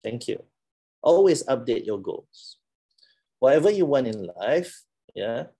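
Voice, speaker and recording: A man's voice: medium pitch, very animated, a little slow, dark tone, husky. A middle-aged man with a Malaysian English accent, giving a playful, teasing classroom talk and laughing often. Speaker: lecturer.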